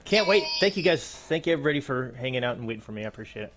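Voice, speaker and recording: A man's voice: mid-range voice, lively intonation, very fast, over music. A man co-hosting a gaming stream, chatting casually with blunt jokes and casual swearing. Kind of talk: casual live-stream chat while gaming.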